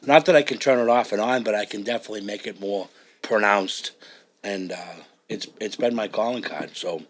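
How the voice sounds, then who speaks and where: A man's voice: fairly low pitch, a little fast. A man with a South Shore Massachusetts accent, a truck driver chatting as a podcast guest in a blunt, profane, joking way. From Massachusetts, USA. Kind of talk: casual chat.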